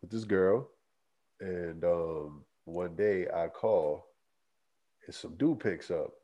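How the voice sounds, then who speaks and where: Man co-host, lowish voice, laid-back storyteller, casual banter. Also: takes it slowly, mellow. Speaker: podcast co-host.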